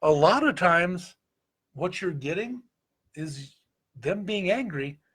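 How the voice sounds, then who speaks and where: A man with a Midwestern American accent talks in a high, husky voice. His delivery is folksy and joking, the easy style of a co-host in a casual group chat about paranormal investigation. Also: lively intonation, slow pace, fairly bright tone. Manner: joking, folksy advice-giving.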